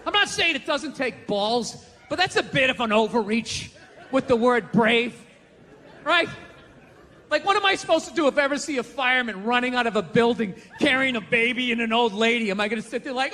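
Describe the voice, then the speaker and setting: A male stand-up comedian ranting through a profane routine and shouting his punchlines. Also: extremely high pitch, lively intonation, a little fast, long reverb tail.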